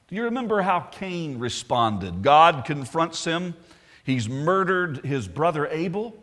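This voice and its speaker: A man's voice: sits high, a bit bright. A male pastor preaching a sermon, emphatic and putting rhetorical questions to the congregation.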